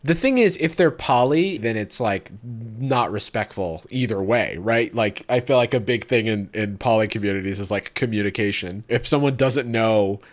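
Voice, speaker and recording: A man's voice: lowish voice, normal speed. A man hosting, giving casual reaction commentary with joking asides. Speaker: host.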